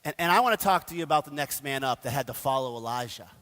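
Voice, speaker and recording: A man preaching a sermon, telling the story in a casual, animated way with slang. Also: mid-range voice, fast talker, big-room sound. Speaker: pastor. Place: church sanctuary.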